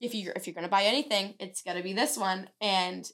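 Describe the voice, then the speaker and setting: A woman's voice: medium pitch, steady tone, fairly quick, fairly bright tone. A woman hosts a podcast in a casual chat. She talks in a gushing, effusive way. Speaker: podcast host.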